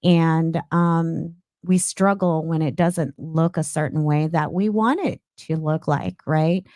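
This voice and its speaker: Woman guest, clinical social worker from the Bay Area, lower voice, thoughtful explainer, dry recording. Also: fairly even intonation, slow pace, darkish tone, no echo. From San Francisco Bay Area. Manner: thoughtful, explains with frequent "right?". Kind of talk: casual interview.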